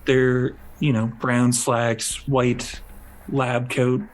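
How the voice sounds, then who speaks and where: A man narrating a tabletop game as game master, in loose, halting description with many fillers. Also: mid-range voice, little pitch movement, low-quality recording.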